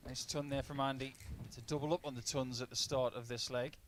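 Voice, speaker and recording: A man delivers live darts commentary, breaking down averages, doubles, and shot choices as play unfolds in an analytical, stat-heavy play-by-play. His mid-range voice is brisk with fairly even intonation. The line is noisy and has clicks.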